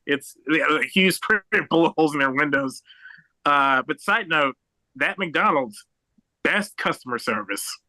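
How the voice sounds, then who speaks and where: A young American man doing a stand-up set over a video call, halting and rambling with many fillers and restarts. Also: fairly high pitch, expressive, bright, forceful tone, no echo, low-quality recording. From United States. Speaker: stand-up comedian.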